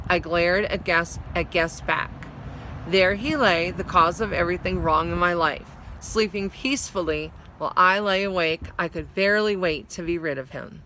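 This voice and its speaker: A woman's voice: fairly low pitch, sharp tone, slight background noise. A woman reading a story aloud, now and then explaining a word. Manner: explains hard words while reading. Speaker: story reader.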